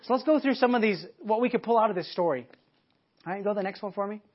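A man's voice: high voice, fast, husky. A man from the United States preaching a sermon in a conversational way, acting out people's thoughts as he goes. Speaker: pastor. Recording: dull lo-fi sermon audio.

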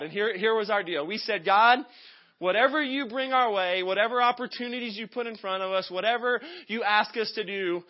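A man giving a sermon as a guest pastor, telling stories with energy and shouting his excited quotes. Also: sits high, highs cut off. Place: church service.

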